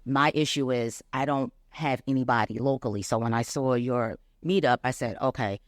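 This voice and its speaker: A man asking a question from the audience at a meetup. He rambles and fills the gaps with "uh" and "you know". His voice is mid-pitched, and the sound is dry with no room echo. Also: normal speed. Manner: rambling, with many fillers.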